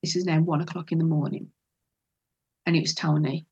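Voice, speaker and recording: A middle-aged woman with a deep, breathy voice speaks fairly quickly, and the highs are cut off. As an interview guest, she tells the emotional story of her adoption in an animated way, acting out what others said and laughing often.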